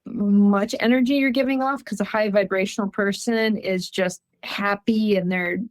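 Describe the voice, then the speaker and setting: A woman's voice: medium pitch, fairly even intonation, moderate pace, no echo. A woman from Minnesota, a guest on an interview show, telling her story in a chatty, rambling way with lots of ums and restarts. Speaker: guest describing encounters. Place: rural home.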